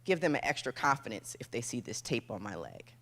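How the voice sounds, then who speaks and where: A woman giving a motivational keynote speech on stage, telling a dramatic story in short punchy phrases and dropping to a hush at tense moments. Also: extremely low pitch, big pitch swings, brisk. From United States. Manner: acts out quoted voices, drops to a hush for tense moments. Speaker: motivational speaker. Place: event stage before an audience.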